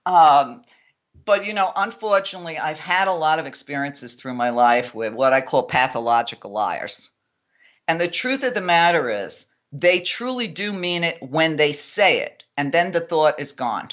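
A woman's voice: low-pitched, lively intonation, moderate pace, muffled recording. An older woman from New York, a podcast guest talking bluntly and scornfully. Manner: blunt, scornful, sharp-tongued. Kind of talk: podcast conversation.

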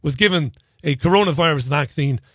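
A man's voice: a little high, a little fast, a bit bright, no echo. Chatty sardonic male talk radio host. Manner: chatty, sardonic, self-deprecating asides.

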